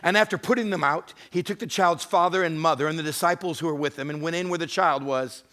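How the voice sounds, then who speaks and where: A man's voice: a little high, fast talker. Man preaching with dramatic swings. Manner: dramatic storytelling, acting out voices of scripture figures; swings between hushed intimacy and loud emphasis. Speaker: pastor. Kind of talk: sermon.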